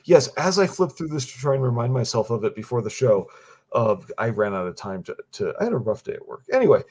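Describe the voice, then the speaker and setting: A man co-hosting a casual comic review chat, chatty and quick to agree. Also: mid-range voice, very animated, a little mellow, husky. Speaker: podcast co-host.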